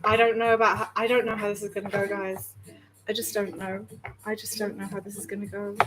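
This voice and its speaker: A woman's voice: mid-range voice, level tone, a little fast, very noisy. A woman chatting to viewers while baking, flustered, nervous and self-mocking. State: nervous and overheated. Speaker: vlogger baking on stream. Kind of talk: casual chat while cooking.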